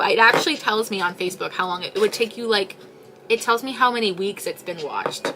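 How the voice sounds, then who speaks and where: A woman's voice: mid-range voice, a little fast, noisy background. A young woman chatting casually while she crochets, rambling and exasperated as she talks to her viewers. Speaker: crochet livestream host.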